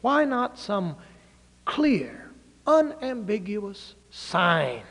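Male pastor, sermon delivery, high-pitched, unhurried, dramatic loud-soft swings, long hall reverb. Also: sing-song. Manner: dramatic, swings between loud declaiming and hushed low phrases.

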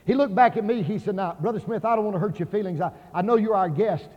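Impassioned preacher in an echoing hall. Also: male voice, high voice, quick pace. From Oklahoma. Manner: impassioned, acts out quoted voices, rises to near shouts. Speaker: evangelist preacher. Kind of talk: revival sermon. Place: large auditorium. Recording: dull sound in a hall with long reverb.

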